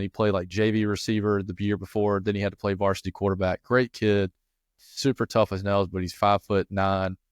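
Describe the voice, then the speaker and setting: A man's voice: sits low, smooth, no room sound, clean studio sound. A man, co-hosting a football coaching podcast in a casual chat, rambling through stories with plenty of restarts and fillers.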